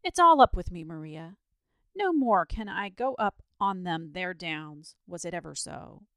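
A woman's voice: on the low side, normal speed, no room sound, clean studio sound, lightly acted. A woman voicing a frightened middle-aged male shepherd who speaks in agitated, rustic country talk.

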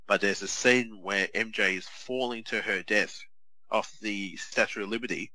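On a podcast, this man talks casually and energetically, frequently starting his sentences over. His voice sits fairly low yet comes across very bright and sharp at a normal speed. The audio is poor, dry and close, without any room sound or echo.

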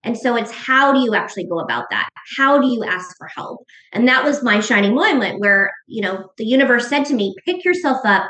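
A middle-aged woman talks openly and earnestly, often restarting her sentences. Her voice sits fairly high. The room around her rings with a clear echo. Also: expressive, sharp tone. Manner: earnest and emotional, quick restarts. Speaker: guest author. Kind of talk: personal story in a podcast interview. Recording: echoey room.

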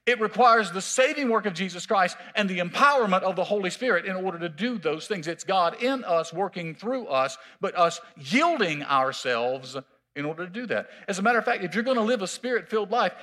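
A man preaching a sermon as pastor in a church, emphatic and drawn-out, repeating his key words. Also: high voice, expressive, pushed and bright. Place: church sanctuary.

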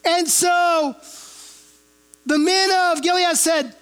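A woman's voice: sits high, unhurried, a bit bright. A woman pastor, giving a conversational sermon and retelling a Bible passage in a casual, storytelling way that often checks in with a rhetorical "right?". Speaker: pastor teaching a Bible chapter.

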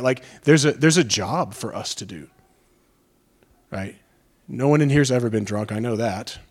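A man preaching a sermon in a conversational, impassioned way, joking with the congregation. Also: mid-range voice. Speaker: pastor.

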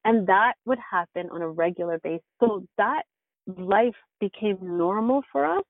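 A woman's voice: mid-range voice, lively intonation, normal speed, dry recording. A woman guest in an interview, telling her life story in an earnest, reflective way. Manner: earnest and reflective, with bursts of laughter. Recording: tinny phone-like line, dry.

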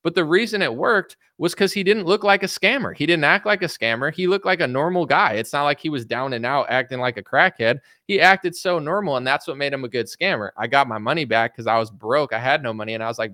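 A man's voice: fairly high pitch, lively intonation, fast talker, hardly any pauses, bright, forceful tone, no echo, clean studio sound. A young man talking casually in a rambling monologue as a podcast host, acting out little quoted voices as he goes.

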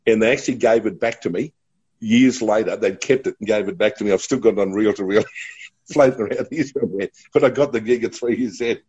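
A middle-aged Australian man, a radio broadcaster, spins chatty anecdotes and laughs easily. His voice sits low, with a husky, mellow grain. The recording sounds dull and lo-fi. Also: a little fast. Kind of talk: casual storytelling.

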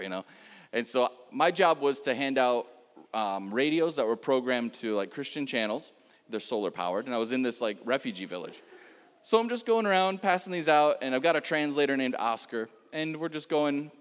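A man's voice: medium pitch, a bit bright, big-room sound. A man preaching a sermon, telling a personal story in a casual way with many fillers and laughs.

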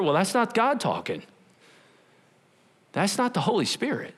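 Lively pastor guy preaching, highish voice that swings all over, acts out bits. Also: normal speed, husky. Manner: animated, conversational, acts out quotes. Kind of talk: sermon.

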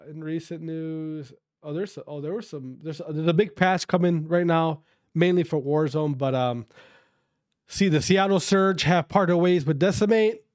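A man ranting to his viewers about amateur esports players in a profane, fired-up way, then calmly going over the latest news. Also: fairly high pitch, a little slow, clean tone, dry recording, studio quality. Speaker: esports commentary streamer. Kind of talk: casual rant and news rundown.

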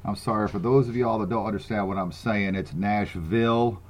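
Blunt Southern man, fairly low voice. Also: steady tone, fast. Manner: blunt, swears freely, stammering restarts. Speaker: podcast co-host. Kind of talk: casual podcast chat.

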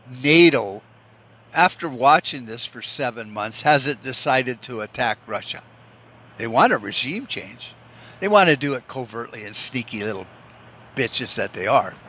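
A man's voice: mid-range voice, bright, forceful tone, husky. A man hosting a solo podcast, talking bluntly and sarcastically with lots of swearing, and slipping into mocking voices for the people he quotes. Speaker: podcast host. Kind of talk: opinionated solo podcast rant.

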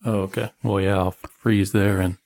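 A man's voice: low-pitched, little pitch movement, normal speed, gravelly, a little mellow, no room sound. A man speaking as a player in a tabletop game, casual and brief.

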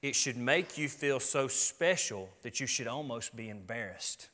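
A man's voice: mid-range voice, animated, unhurried, pushed and bright. A middle-aged man, preaching a sermon in an earnest, folksy, emphatic way. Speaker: pastor. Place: church sanctuary. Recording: long hall reverb.

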